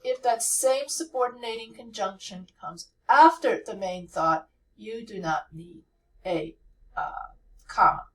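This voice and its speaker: A woman teacher walks through a writing lesson at a middle pitch, patient and methodical, restating each rule with small pauses. She sits a little back from the microphone, so her voice sounds slightly distant. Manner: patient, repeats key points, frequent uh fillers. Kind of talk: explanatory lesson.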